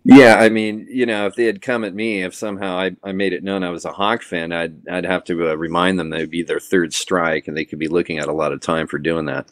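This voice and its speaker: A podcast guest, a man who talks haltingly and piles up fillers. His voice is very deep, and the sound is close and dry. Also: steady tone, dry recording. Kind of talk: casual chat.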